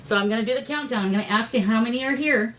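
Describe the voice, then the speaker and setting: A woman hosting a live paranormal spirit session, coaxing the spirits and greeting her viewers in a warm, emotional way. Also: on the high side, racing, a little hiss or hum. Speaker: paranormal livestream host.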